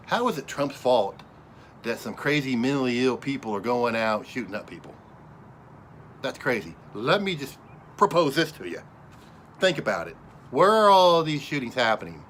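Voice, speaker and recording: A man's voice: medium pitch, sing-song, moderate pace, pauses often, fairly bright tone, a little hiss or hum. A man delivering an angry, combative political rant, speaking directly to his viewers and often raising his voice. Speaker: political commentator. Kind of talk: ranting monologue to camera.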